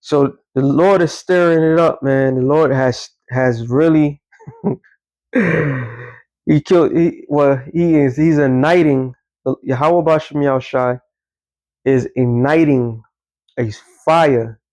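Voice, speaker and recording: Male commentator, emphatic and rambling, mid-pitch voice, dry close sound. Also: takes it slowly, a little mellow, dry recording, low-quality recording. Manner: emphatic, rambling, with self-corrections. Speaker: online commentator. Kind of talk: casual religious commentary.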